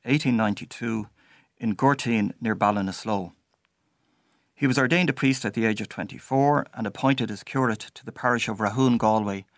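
A man narrating a personal story in a measured, storytelling way. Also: mid-range voice, vocal fry, no room sound, clean studio sound.

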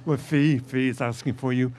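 A man's voice: mid-range voice, steady tone, moderate pace, a little mellow. A man with a Dublin accent, a member of the public chatting on live radio in a friendly, chuckling way. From Dublin, Ireland. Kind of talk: casual chat on live radio. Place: busy city street outdoors. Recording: outdoor broadcast with crowd behind. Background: crowd.

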